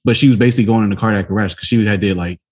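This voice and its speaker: Give me a husky young man with a low voice talking bluntly on a podcast. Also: rapid-fire. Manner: relaxed, rambling, blunt. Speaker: podcast co-host. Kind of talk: casual chat.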